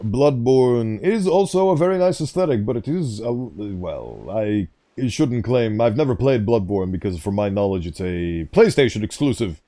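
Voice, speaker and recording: A man's voice: fairly low pitch, lively intonation, normal speed, few pauses, dark tone. A man giving casual, rambling commentary over a game, easily sidetracked and reading on-screen text aloud. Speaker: gaming streamer.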